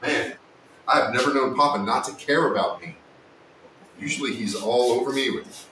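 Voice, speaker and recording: A man hosting a casual woodworking livestream, chatting and joking with his viewers, sometimes yelling, recorded in a workshop. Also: moderate pace, long pauses. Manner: joking, teasing, with sudden yells. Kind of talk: casual live-stream chat with viewers. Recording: echoey room, distant mic, faint rumble.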